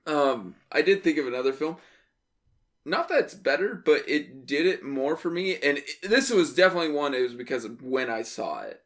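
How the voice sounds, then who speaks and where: A man co-hosting a podcast, talking in casual chat with a loose, halting manner. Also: medium pitch, a bit bright. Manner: loose, halting, restarts often. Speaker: podcast co-host.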